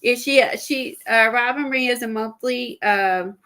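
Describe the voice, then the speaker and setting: A woman chatting casually on an art livestream, a little out of breath and stuffy, rambling with halting fillers and restarts. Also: a little high, fairly bright tone. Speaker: guest showing art supplies.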